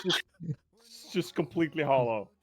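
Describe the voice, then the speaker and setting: A man's voice: a little high, normal speed, heavy background noise. A man playing in a tabletop game, joking and teasing the others in casual chat. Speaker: player.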